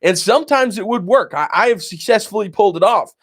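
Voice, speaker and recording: A man in his twenties co-hosts a podcast, chatting casually and acting out his own past reactions while telling a story. His voice is high, husky and a bit bright, and he talks fast and expressively.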